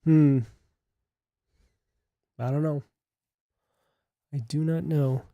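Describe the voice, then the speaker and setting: A man's voice: on the high side, level tone, drawn-out words, dry recording, narrow, tinny audio. A young man hosting a casual livestream, chatty and joking as he reads the chat aloud. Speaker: livestream host.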